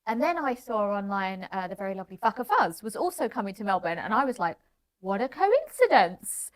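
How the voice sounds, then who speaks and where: A middle-aged woman co-hosting a comedy podcast in relaxed conversation. Her voice sits at an ordinary pitch for a woman. She tells stories at length and laughs often as she talks. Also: fast. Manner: chatty storyteller, laughs often. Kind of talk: casual chat.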